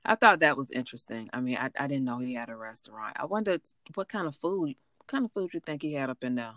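A woman co-hosting a podcast in casual chat, unhurried and agreeable, cheering her partner on as she shares a story. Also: a bass voice, animated, a bit bright, no echo, studio quality. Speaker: podcast co-host.

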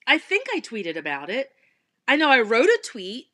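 A woman with a South Jersey accent co-hosting a podcast, telling stories in a chatty, animated way. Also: a little high, normal speed, no room sound. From South Jersey, USA. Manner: animated, laughing, self-correcting storyteller. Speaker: podcast co-host. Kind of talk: casual chat.

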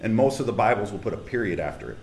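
A man's voice: fairly low pitch, animated, very fast, slight background noise. A man preaching a casual, conversational sermon as a pastor, speaking emphatically and straight to his congregation in a church hall.

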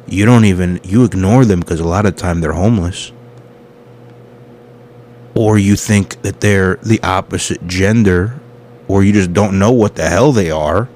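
A deep-voiced man hosting a comedy podcast, talking in a loose, rambling way. He jumps between tangents with crude, self-mocking humor. A faint hiss sits under his voice. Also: unhurried, darkish tone. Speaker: podcast host.

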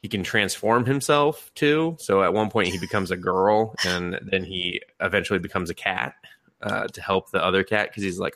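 A man on a podcast retells a cartoon plot in animated casual chat, laughing and swearing as he goes. His voice sits a bit low yet has a sharp, bright edge. The sound is dry and close. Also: moderate pace, vocal fry, no echo. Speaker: podcast co-host.

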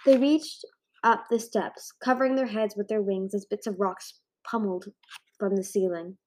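A woman reading a fantasy novel aloud, expressive, with occasional stumbles and restarts. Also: medium pitch, moderate pace. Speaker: amateur audiobook reader. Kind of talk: storybook reading.

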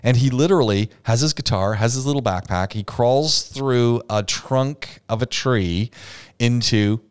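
A man's voice: mid-range voice, unhurried, clear, resonant tone. Playful, teasing man on a podcast. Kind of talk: casual chat.

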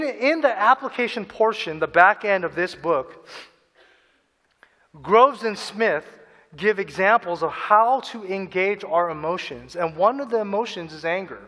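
A man's voice: high voice, pushed and bright, big-room sound. A man preaching a sermon in earnest, acting out people's inner voices and repeating phrases for emphasis. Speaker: pastor.

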